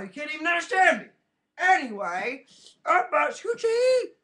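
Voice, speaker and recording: A man's voice: extremely high pitch, big pitch swings, fairly quick, sharp tone. A man rambling in a goofy, casual way into his webcam, with silly sound effects. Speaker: webcam vlogger. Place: at home in front of a webcam. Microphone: built-in webcam mic.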